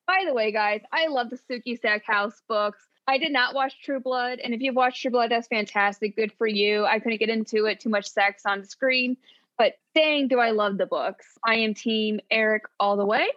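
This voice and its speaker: A woman's voice: a little high, normal speed, a bit bright. Chatty woman on a dull lo-fi recording. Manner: chatty and playful, with frequent laughs. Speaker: podcast co-host. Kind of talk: casual book chat.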